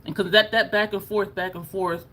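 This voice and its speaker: A woman's voice: medium pitch, steady tone, fairly quick, fairly bright tone, a little hiss or hum. A woman vlogging to camera in a casual, chatty way, laughing often and showing her jaw as she talks. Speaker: beauty vlogger.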